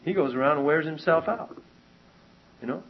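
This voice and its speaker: Guy preaching to a church crowd, husky voice a bit high, gets loud and fired up, muffled lo-fi sound. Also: normal speed. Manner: animated, rising to loud emphatic peaks, with restarts. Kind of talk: sermon. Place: church meeting hall with congregation. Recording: muffled lo-fi recording.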